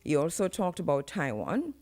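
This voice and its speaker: A woman hosting live radio commentary, talking in an animated way and switching into patois for emphasis. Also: sits low, normal speed. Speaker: radio talk show host. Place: radio studio.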